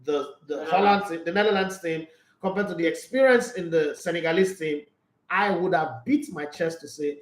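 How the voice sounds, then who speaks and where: Brief: high-pitched Nigerian male sports host, outspoken and emphatic, echoey room. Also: normal speed. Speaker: sports talk show host. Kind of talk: casual sports commentary, reading viewer comments.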